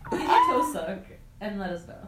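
A woman's voice: medium pitch, wildly swooping pitch, moderate pace, echoey room, very noisy. A woman chatting cheekily with friends on a podcast, breaking into laughter. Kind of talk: casual chat among friends.

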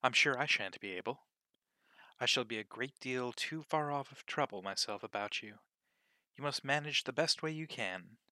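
Man as a fretful, puzzled little girl in a storybook, bright and raised voice, crisp dry read. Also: mid-range voice, lively intonation, moderate pace, dry recording. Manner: wondering, fretful talking to herself. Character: curious, easily flustered young girl.

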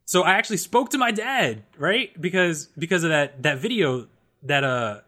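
A man in his twenties in casual conversation, telling a story in a profane, animated way, swinging from loud bursts to low mutters. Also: normal speed. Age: 20s. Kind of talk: casual chat.

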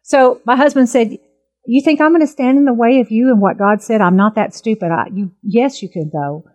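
A woman in her fifties, a minister, telling her testimony in an earnest, emphatic and animated way. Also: on the high side, a little fast. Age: 50s. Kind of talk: personal testimony talk.

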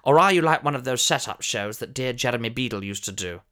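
A pompous, plummy older ex-soap star, as a man puts him on, holding forth in a comic monologue. His theatrical delivery leaps between grand low murmurs and shrill squeals. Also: animated, fast, a bit bright, natural voice. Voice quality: plummy, theatrical, prone to sudden shrieks. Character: pompous posh older male ex-soap actor.

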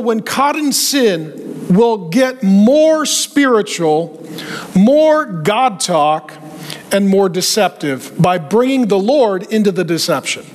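A man preaching a sermon with animated delivery and joking asides. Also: high-pitched, slow. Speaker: pastor.

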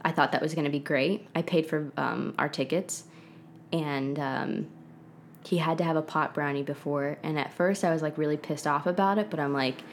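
A woman in her twenties talks as a podcast guest, her voice sitting noticeably low. She tells her story in a loose, chatty way, scattering "like" and "um" through every sentence. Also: fairly even intonation, normal speed, slight background noise. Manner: chatty, heavy use of "like" and "um". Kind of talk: casual storytelling interview.

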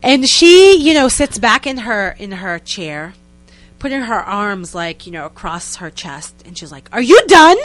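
A young woman, a guest telling a story in a lively, casual way and acting out what people said. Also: mid-range voice, a little slow, soft background music. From Israel. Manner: animated, acts out quotes in other voices, many "like" fillers.

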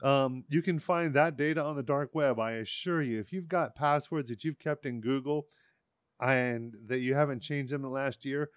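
A man's voice: medium pitch, moderate pace, clean tone, dry recording, clean studio sound. A man co-hosting a casual podcast as an IT expert, easygoing, laughing often and explaining things plainly.

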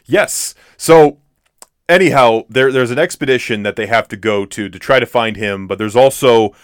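A podcast co-host chats casually about a film, rambling with plenty of fillers and restarts. His medium-pitched voice is clear and resonant at normal speed, recorded at studio quality with no room sound.

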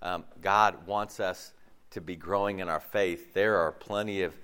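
A male pastor giving a casual sermon, his voice hoarse and deeper than usual from a lost voice, rambling with many fillers and restarts before a congregation. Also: fairly even intonation, measured pace, fairly bright tone. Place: church service before a congregation.

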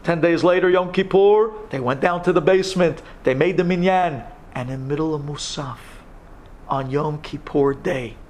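A rabbi tells a story in a sermon, building drama and often sinking to a hushed whisper. His voice sits fairly high for a man. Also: a little hiss or hum. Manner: dramatic, dropping to whispers then rising.

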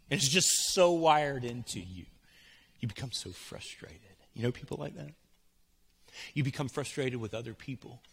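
A man preaching a sermon, swinging from hushed, soft passages to loud, urgent pleading. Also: mid-range voice, husky, big-room sound. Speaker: pastor. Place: church sanctuary.

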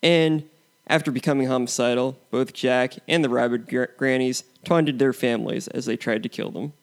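A man co-hosting a movie podcast, giving prepared points and show plugs in a steady way. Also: mid-range voice, moderate pace. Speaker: podcast co-host. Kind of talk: casual movie review chat.

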